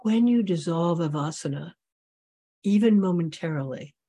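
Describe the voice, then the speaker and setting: A meditation teacher giving a dharma talk and guiding a meditation, speaking slowly and in measured phrases with long pauses. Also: medium pitch, expressive, mellow, husky.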